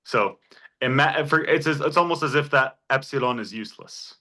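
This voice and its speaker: A man's voice: medium pitch, moderate pace, bright, forceful tone. A man teaching a Greek class in a church classroom, explaining step by step and encouraging his students with examples. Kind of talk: informal class lecture.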